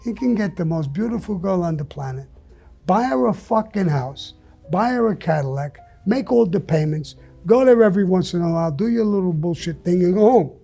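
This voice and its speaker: A man being interviewed, telling a story bluntly and profanely in a casual, animated way. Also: high voice, brisk, gravelly, soft background music. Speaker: interview guest.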